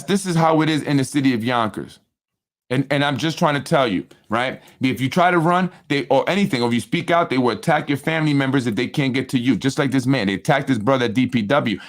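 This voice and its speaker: A man delivers casual political commentary as the host of his own show. He talks in an animated, repetitive way, keeps checking in with his listeners, and slips into other people's voices when quoting them. His voice sits at an ordinary middle pitch. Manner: animated, repetitive, with frequent tag questions; acts out other people's speech in quoted voices.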